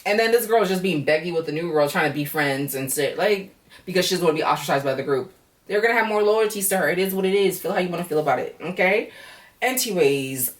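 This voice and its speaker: A woman's voice: fairly low pitch, animated, quick pace, recorded from a distance. A woman giving a frank, chatty recap of a reality show on her vlog, swearing freely. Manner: frank, chatty, with heavy profanity.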